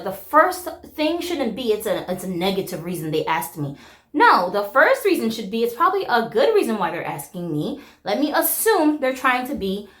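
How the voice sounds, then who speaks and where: A woman in her forties from America, vlogging in a frank, animated way, swearing freely and laughing often. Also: a little high, echoey room. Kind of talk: casual talk to camera.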